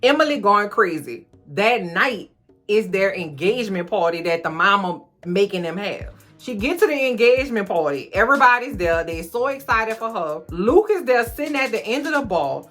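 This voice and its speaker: A woman's voice: medium pitch, moderate pace, soft background music. Sassy woman recapping a movie. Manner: animated, sassy, slangy storytelling. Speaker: film recap vlogger. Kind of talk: casual comedic movie recap.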